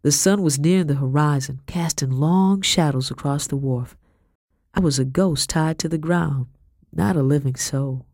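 A woman tells a first-person story in a measured, steady audiobook voice. She sits close to a studio mic in a dead, dry space with no echo. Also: sits low. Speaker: audiobook narrator.

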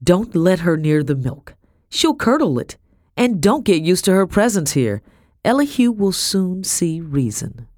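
A woman's voice: fairly low pitch, very animated, unhurried, a little mellow, dry recording, clean studio sound, voice pushed up. Woman voicing a stern haughty mistress. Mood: cold disdain. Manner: cold, cutting, disdainful. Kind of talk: audiobook character voice.

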